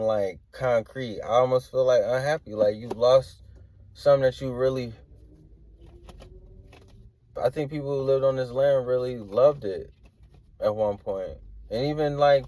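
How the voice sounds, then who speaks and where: A man's voice: mid-range voice, moderate pace, dark tone. Rambling casual man reading tarot. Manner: rambling and hedging, slangy filler talk. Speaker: tarot reader.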